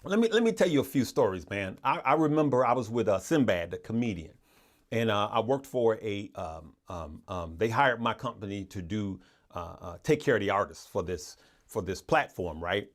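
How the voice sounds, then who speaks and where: This livestream host has a lowish, expressive voice and speaks at normal speed. Talking casually and earnestly to viewers, he's motivational but rambling and repetitive, full of restarts, stammers, and repeated words.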